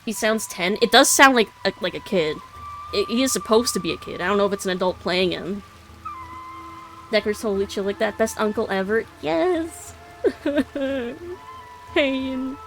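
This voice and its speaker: A young woman streams a video game, chatting loosely and giggling as she trails off and corrects herself mid-thought. Her voice sits at an ordinary pitch, with light music playing behind her. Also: brisk, a bit bright. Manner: rambling, giggly, self-correcting. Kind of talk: casual gaming commentary.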